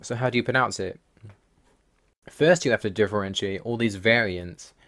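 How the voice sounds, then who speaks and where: A man's voice: on the low side, normal speed, fairly bright tone. A man host narrating a voice-over, methodically listing language rules one by one, wry and mildly exasperated. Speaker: language-learning video host. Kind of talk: explanatory voice-over over slides.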